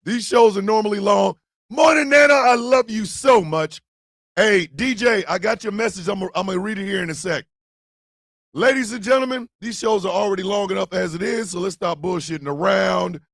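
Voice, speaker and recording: A man hosting a casual morning show, loud and profane, often shouting and laughing as he talks. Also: high voice, brisk, creaky, no room sound, clean studio sound. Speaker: host of a morning stream show.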